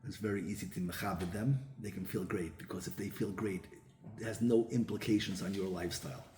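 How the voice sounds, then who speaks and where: Speaking fairly quickly in a deep, darkish voice with fairly even intonation, a man gives a Torah talk as a rabbi, telling stories and acting out their characters. The room is echoey, with faint ambient noise.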